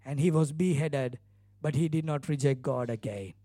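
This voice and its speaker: A man's voice: fairly high pitch, normal speed, dark tone, dry recording, studio quality. A male pastor preaching a sermon, retelling scripture earnestly with emphatic repeated phrases.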